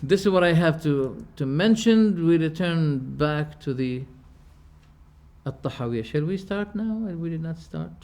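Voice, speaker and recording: A man lecturing a class on religious belief. His voice sits a little high for a man, and he speaks emphatically. He poses rhetorical questions, stumbles into restarts and restates each term. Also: expressive, measured pace, darkish tone. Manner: explains terms by restating them. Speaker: religious teacher.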